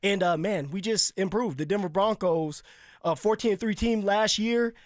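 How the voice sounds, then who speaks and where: A man who co-hosts a sports radio show, a former pro football player telling animated stories in casual talk. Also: high-pitched, moderate pace, dry recording, studio quality. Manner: animated, laughing storyteller. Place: radio studio.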